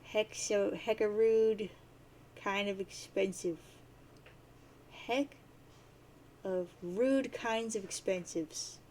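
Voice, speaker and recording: A woman plays a cocky, sarcastic teenage boy from a webcomic reading, rambling through crude, deadpan rants. The voice sits in a middle register with a faint hiss of noise behind it. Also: medium pitch, extremely slow, pauses often.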